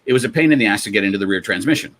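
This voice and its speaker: A man co-hosting a casual hobby podcast, quick to tease and filling his talk with "uh" and "like". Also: on the low side, lively intonation, a bit bright. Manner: fast, teasing banter with many fillers. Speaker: podcast co-host. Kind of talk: casual chat.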